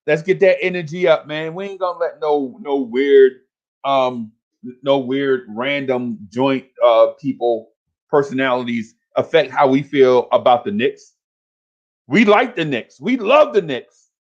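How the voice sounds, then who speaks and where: A man's voice: medium pitch, unhurried, muffled recording. A man hosting a fan livestream, talking casually and hyping up his chat in repetitive, slangy calls.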